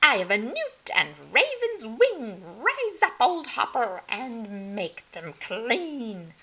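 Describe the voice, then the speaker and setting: A woman's voice: fairly high pitch, wildly swooping pitch, slow, pushed and bright, slightly rough, voice pushed up, full character voice. A woman voicing a feisty, defiant young witch heroine in a storybook reading, growling and sassy. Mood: chanting.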